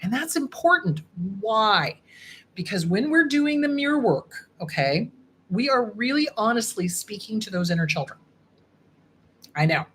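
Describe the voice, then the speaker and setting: Lively, animated woman therapist host. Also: on the high side, unhurried, slight background noise. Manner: emphatic, animated, acts out inner voices. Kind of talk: casual advice talk to camera. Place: home office at a computer.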